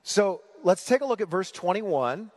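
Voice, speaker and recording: A man preaching a sermon, asking the congregation rhetorical questions in an animated way. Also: high voice, moderate pace, long reverb tail. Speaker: pastor.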